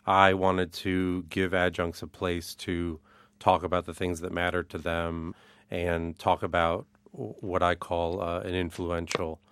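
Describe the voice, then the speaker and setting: A man with a very low, deep voice, speaking as a studio interview guest. He explains earnestly and thoughtfully, with a few ums and uhs. The sound is close and dry. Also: level tone, measured pace, a bit bright, smooth, no echo. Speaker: guest, adjunct art professor. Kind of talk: radio interview. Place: radio studio.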